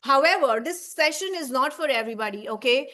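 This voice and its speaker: Her high voice comes out bright, forceful and animated, a little quick, as this baby sleep coach in her thirties pours her heart out to an audience of mothers. Reassuring and earnest, she keeps asking "right?" and "okay?" while fighting back tears.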